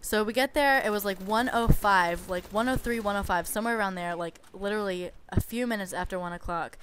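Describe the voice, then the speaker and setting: A woman's voice: medium pitch, a little fast, a bit bright, slight background noise. A young woman casually telling a story over game footage, chatty and exasperated, with lots of "like".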